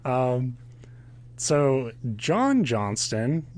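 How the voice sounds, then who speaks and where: A man's voice: mid-range voice, big pitch swings, very slow. A man hosting a podcast, retelling a ghost legend in casual chat with a sarcastic, profane manner and frequent laughs. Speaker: podcast host.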